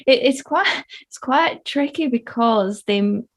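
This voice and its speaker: A woman's voice: fairly high pitch, lively intonation, slow pace. A woman who works as a coach, a podcast guest explaining her approach thoughtfully with some hesitations. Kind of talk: casual conversation.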